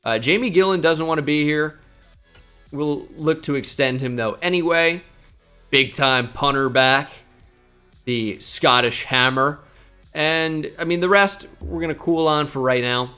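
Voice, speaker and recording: A gaming YouTuber chats casually while playing a football management game, thinking aloud and making jokes at his own expense. His voice is a little high, sharp and smooth, unhurried, with faint music behind.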